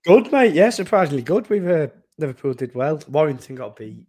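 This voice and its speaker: A man's voice: on the high side, sing-song, a little fast, darkish tone. A young man co-hosting a podcast, rambling through his thoughts and laughing often at himself. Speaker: podcast co-host. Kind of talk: casual chat.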